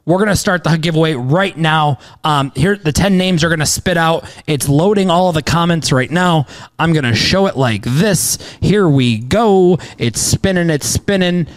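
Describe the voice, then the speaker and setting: Casting: man, thirties, podcast host, fairly high voice, rambling and excitable, swears casually. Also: moderate pace. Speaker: podcast host, sports bettor.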